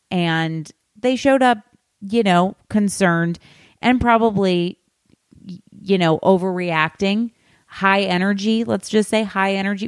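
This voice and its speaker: A woman hosting a podcast, chatting casually and gossipily about a book, with animated asides to her listeners. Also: lowish voice, smooth, dry recording, clean studio sound. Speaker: podcast host. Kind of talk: casual book-discussion chat.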